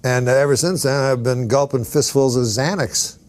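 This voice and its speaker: A man, a comedian, telling rambling deadpan stories as a talk-show guest. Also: medium pitch, normal speed. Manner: deadpan, rambling, with many fillers.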